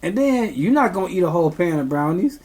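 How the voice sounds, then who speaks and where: A man's voice: high-pitched, very animated, quick pace, darkish tone. A young man, a podcast co-host, telling a meandering story in casual chat, full of ums.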